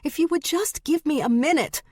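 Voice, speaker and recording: A woman's voice: sits high, big pitch swings, measured pace, dry recording, clean studio sound, pitched above the performer's own voice. A woman narrator voicing a frantic, pleading young woman in an audiobook, her voice raised and urgent. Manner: breathless and pleading. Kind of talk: audiobook character voice.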